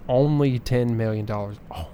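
A man's voice: medium pitch, fairly quick, mellow, a little hiss or hum. A man co-hosting a casual podcast, running through figures with plenty of ums and uhs. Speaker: podcast co-host reading box office numbers. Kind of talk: casual chat.

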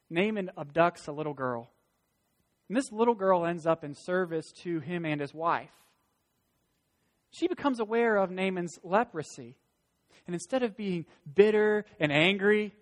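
A man preaching in a fairly high voice, emphatic, with folksy asides between his points. His words ring with long reverb in a large church sanctuary. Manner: emphatic, rising to loud stresses. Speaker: pastor. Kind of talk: sermon.

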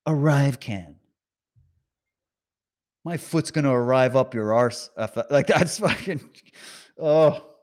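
Reacting to clips, this man from Canada delivers a sarcastic, profanity-laced, heated commentary. He speaks slowly at medium pitch, pausing often, his voice a little mellow.

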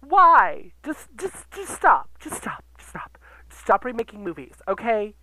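A man's voice: very high voice, expressive, measured pace, fairly bright tone, voice pushed up, full character voice, rough recording. A man doing a campy, dramatic drag queen persona who hosts a podcast and rants theatrically into a computer sound recorder. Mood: outraged. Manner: theatrical, gasping, swearing, camp. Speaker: podcast host. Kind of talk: ranting podcast monologue.

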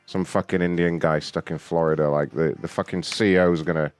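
A man rants and mocks in profane prank-call banter, swearing nearly every sentence. His voice sits on the low side and sounds dry and close. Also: fairly even intonation, fairly quick, smooth, no room sound, soft background music. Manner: swearing, mocking, laughing. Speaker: prank caller.

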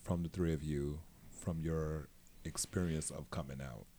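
A man's voice: very deep voice, steady tone, measured pace, warm tone. A man hosting a casual conversation and asking questions.

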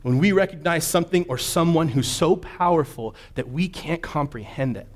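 A man preaching a sermon in a conversational way, often checking in with his listeners and slowing down to read scripture with emphasis. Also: on the high side, lively intonation.

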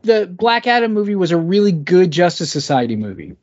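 A man's voice: sits high, very animated, brisk, darkish tone, dull audio. A man as a guest panelist on a podcast, talking thoughtfully in casual chat with hesitant restarts.

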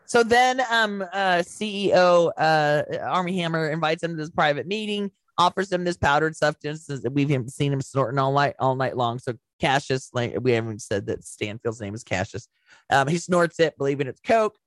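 A woman's voice: low voice, moderate pace, no room sound. A young woman co-hosting a podcast, casually recapping a film in a rambling, swearing, laughing way. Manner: rambling storyteller, swears a lot, laughs often. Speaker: podcast co-host. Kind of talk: casual movie recap chat.

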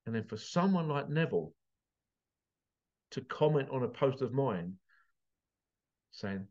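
A man's voice: medium pitch, expressive, measured pace, long pauses. Guy doing an emotional motivational vlog, swears a lot, gets choked up, kinda muffled audio. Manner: passionate, swears, voice breaking with emotion. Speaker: motivational vlogger.

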